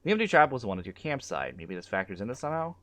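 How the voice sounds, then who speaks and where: Lively male streamer reading a game. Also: mid-range voice, racing. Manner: lively reading of narration with asides.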